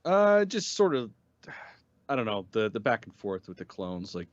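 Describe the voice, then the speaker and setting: A man's voice: fairly low pitch, big pitch swings, moderate pace, dry recording, muffled recording. A man co-hosting a casual review podcast, laid-back, mostly giving short agreeing replies. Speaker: podcast co-host.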